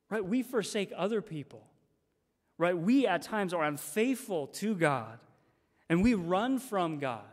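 A man's voice: sits high, sing-song, a little slow. Emphatic male preacher in a reverberant church. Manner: emphatic, repeats phrases for stress. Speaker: guest preacher. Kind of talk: sermon. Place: church sanctuary.

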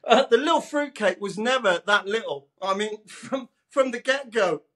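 A radio presenter from Leeds, England, guests in a casual interview, his high voice expressive and a bit bright at normal speed. He's chatty, laughs easily, and calls everyone, the host included, mate.

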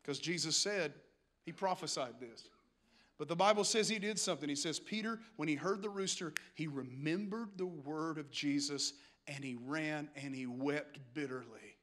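Bright, high-voiced male preacher. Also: moderate pace. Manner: animated dramatic storytelling, swinging from hushed to shouting. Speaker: pastor. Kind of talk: sermon.

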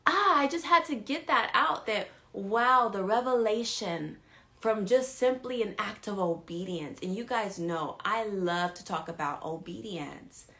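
A woman leading a live-stream devotional, telling a story to her viewers, animated and repeating key lines for emphasis. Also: mid-range voice, unhurried. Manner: talks straight to viewers, asks if they follow. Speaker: women's ministry leader.

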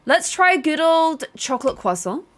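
A young woman streaming a game live, chattering excitably and getting flustered, reading out chat messages between plays. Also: high-pitched, moderate pace. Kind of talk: live gameplay commentary.

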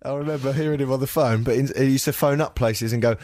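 A man's voice: medium pitch, fast talker, darkish tone, no room sound. A man telling wry, bemused stories in casual radio chat at a studio microphone. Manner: dry, wry, bemused storytelling. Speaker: regular guest and co-writer.

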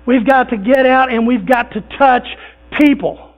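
Male pastor, high-pitched, folksy conversational sermon, thin phone-like recording. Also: normal speed. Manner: folksy, conversational preaching with repeated phrases and fillers. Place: church sanctuary.

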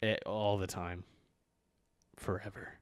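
A man's voice: low-pitched, little pitch movement, takes it slowly, dry recording, clean studio sound. A young man co-hosting a podcast in casual chat, laid-back, swearing and laughing often. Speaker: podcast co-host.

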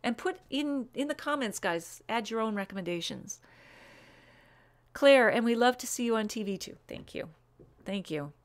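A woman hosting a live online wine show, chatting casually, reading out viewer comments and gushing over wines with lots of "um"s and quick asides. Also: on the high side. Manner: gushing over wines, rattling off names and tasting notes.

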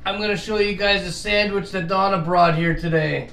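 A man's voice: high voice, steady tone, moderate pace, creaky, fairly bright tone. A man hosting a casual home vlog, swearing freely and drawling his words. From Canada. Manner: crude, swears a lot, drawls. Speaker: vlog host. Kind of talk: casual chat. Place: home, at a table. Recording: echoey room, faint noise.

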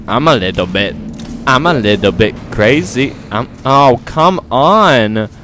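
A man commentating on his gameplay in a goofy, jokey way, with loud exclamations. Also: medium pitch, lively intonation, slow, faint music behind. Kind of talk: let's play commentary.

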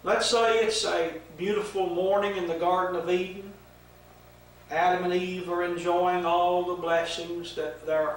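An older man teaching a Bible lesson, telling the story in a slow, folksy way with fillers, in an echoey room with the mic set far off. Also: high-pitched, slight background noise.

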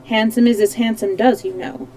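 A woman's voice: fairly high pitch, fairly even intonation, moderate pace, lightly acted, low-quality recording. A woman reading a storybook aloud, voicing a brave, kindly man who speaks politely and consolingly in a voice close to her own. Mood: gentle, consoling. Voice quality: gentle, consoling.

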